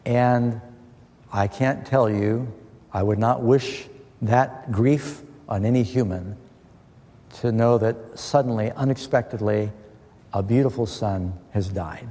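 A man's voice: medium pitch, slow, mellow. A middle-aged male preacher giving a sermon as a Bible study, posing questions and answering them with scripture in an earnest, emphatic way. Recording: long reverb of a large hall.

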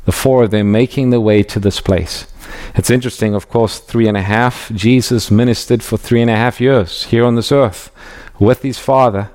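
A man giving an expository Bible teaching in a measured, emphatic way, reading scripture aloud as he goes. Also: mid-range voice, steady tone, darkish tone.

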